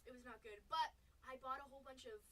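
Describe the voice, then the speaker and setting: A woman's voice: high-pitched, fast, a bit bright, far from the mic, poor audio. A young woman hosting a livestream card break, chatting in a bubbly way, greeting viewers by name and laughing often. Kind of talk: casual livestream chat. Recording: voice a bit off-mic with faint background noise.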